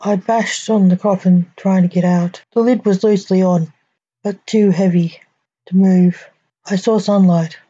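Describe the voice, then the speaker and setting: A woman podcast host, a poet and author, reading her own rhyming spooky stories with a measured storytelling cadence. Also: medium pitch, fairly even intonation, dark tone, slightly rough, dry recording. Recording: dull lo-fi dry recording.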